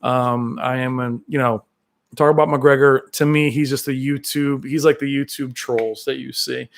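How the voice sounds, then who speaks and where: A tech channel host reads viewer comments on a casual live stream, rambling with lots of fillers and restarts and tossing in brief movie-quote impressions. His creaky, mid-range voice keeps a fairly even intonation at a moderate pace.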